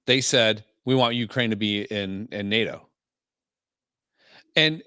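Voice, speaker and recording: A man's voice: medium pitch, a bit bright, no room sound, studio quality. A man co-hosting a casual podcast, blunt and crude, giving strong opinions. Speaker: podcast co-host.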